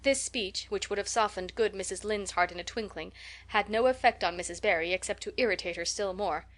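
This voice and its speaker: A woman narrating a classic novel aloud in a measured, storytelling way. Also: medium pitch. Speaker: audiobook narrator. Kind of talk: scripted narration.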